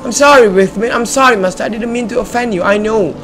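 A man's voice: high voice, fast talker, a bit bright, slight background noise. A man hosting a casual let's-play video, chatting playfully as he explores, joking and talking back to the game. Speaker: gamer and channel host.

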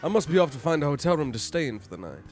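A man's voice: fairly high pitch, sing-song, very fast, faint music behind. A man putting on a suave bar stranger. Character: smooth, flirtatious male stranger at a bar.

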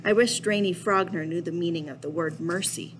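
A woman reading a children's novel aloud in a steady, expressive storytelling voice. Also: lowish voice, fairly quick, slight background noise, poor audio. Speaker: reader.

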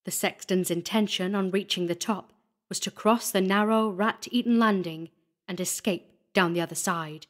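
A woman narrating a classic horror story in a deliberate, scripted storytelling manner. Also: mid-range voice.

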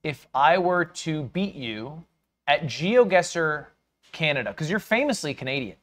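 A man's voice: fairly high pitch, lively intonation, measured pace, a bit bright. A man hosting a stream, chatting casually with a playful, teasing manner. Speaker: streamer host. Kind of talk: casual gaming chat.

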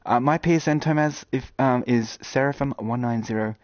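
A man streaming games and chatting casually with viewers, rambling and joking with sudden loud outbursts. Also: mid-range voice, normal speed, dry recording, muffled recording. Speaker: gaming streamer. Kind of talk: casual live-stream chat.

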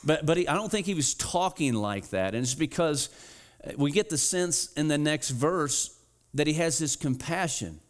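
Pastor preaching with urgent repetition. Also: male voice, animated. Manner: urgent, rising to emphatic repetition; drops to slow, low, deliberate emphasis. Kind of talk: sermon.

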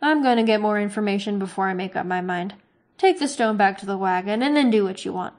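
A woman reading as a gruff farmer uncle. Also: mid-range voice, fast talker, a little mellow, lightly acted. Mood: curt. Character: gruff middle-aged farmer uncle, reserved.

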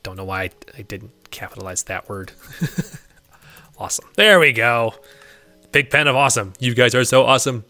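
Bright, lively man narrating his gameplay. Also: medium pitch, normal speed, soft background music. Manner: chatty, laughs often, coaxes game animals in a singsong voice. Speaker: let's play host. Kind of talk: casual gameplay commentary.

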